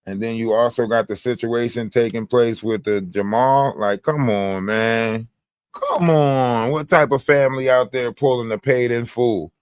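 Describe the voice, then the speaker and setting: A man runs a casual livestream, talking in a profane, animated way and acting out quotes as he tells a story. His voice sits at an average pitch and sounds close and dry, with no room around it. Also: a little slow, clean tone, dry recording. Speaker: livestream host.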